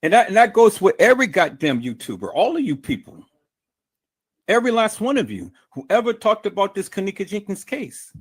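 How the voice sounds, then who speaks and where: Man, livestream host, fairly high voice, angry profane rant, repeats himself. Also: very animated, fairly quick, breathy edge. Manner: profane, combative, repetitive stammering restarts. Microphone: streaming mic.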